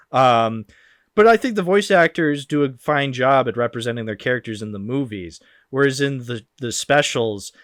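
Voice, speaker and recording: A man chatting on a film podcast with blunt, sardonic delivery and a middling pitch. His voice is recorded dry, with no room sound around it. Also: a bit bright, no room sound. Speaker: podcast co-host discussing films. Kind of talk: casual chat.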